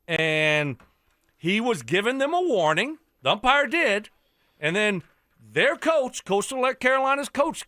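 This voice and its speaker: A man's voice: sits high, sharp tone, no room sound, studio quality. Fired-up man ranting on sports radio. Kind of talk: heated sports radio debate.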